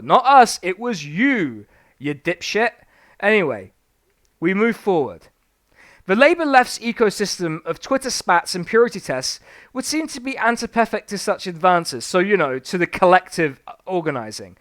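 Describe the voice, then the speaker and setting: A man's voice: high voice, animated, normal speed, a bit bright. A man reviewing a book live on stream, reading passages aloud and answering them with sweary, sarcastic rants.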